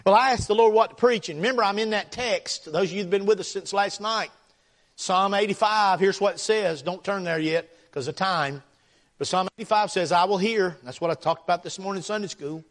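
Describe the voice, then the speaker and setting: A man's voice: sits high, a little fast. Fervent preacher man. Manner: folksy, fervent, tells stories with y'all. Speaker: guest preacher. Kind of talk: sermon with prayer and storytelling.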